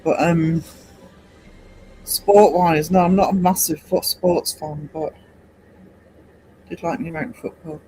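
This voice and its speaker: A man's voice: a little high, steady tone, a little slow, pauses often, warm tone, slight background noise, rough recording. Rambling English man in his fifties. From England. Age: 50s. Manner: rambling, hesitant, many ums. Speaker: livestream host. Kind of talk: casual late-night chat.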